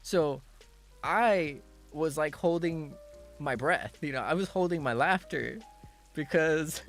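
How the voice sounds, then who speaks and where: A man's voice: slow pace, faint music behind. A man chatting casually on stream, telling a story with lots of laughter and acted-out quotes. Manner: animated storytelling, bursts into high laughter, acts out quotes. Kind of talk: casual chat.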